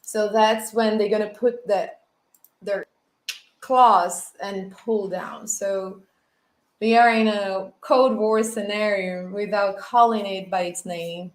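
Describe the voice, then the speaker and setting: A woman's voice: mid-range voice, fairly even intonation, slow, echoey room, rough recording. A Brazilian woman with a Portuguese accent, co-hosting a livestream and explaining earnestly. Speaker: co-host. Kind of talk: casual livestream talk.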